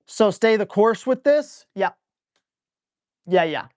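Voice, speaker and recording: Blunt, excitable male dog trainer. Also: sits high. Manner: blunt, excitable, salty, acts out dogs and owners in quick asides. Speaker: dog trainer answering viewer questions. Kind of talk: live Q&A stream.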